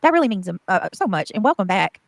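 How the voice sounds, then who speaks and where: A woman's voice: medium pitch, very animated, fast, gravelly, dry recording. A woman livestreamer reading viewer comments aloud and thanking members.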